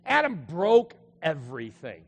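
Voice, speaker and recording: A middle-aged man preaching a sermon in a church, swinging between loud, fervent bursts and quiet, confiding asides. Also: a little high, huge pitch swings, unhurried, creaky. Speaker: pastor. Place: church sanctuary. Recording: echoey church hall.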